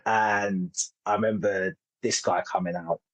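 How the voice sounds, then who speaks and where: A man's voice: low-pitched, fairly even intonation, unhurried, fairly bright tone, no echo, dull audio. A man in his thirties, a comedian telling stories in a casual interview, rambling and self-interrupting with frequent laughs. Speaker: comedian guest.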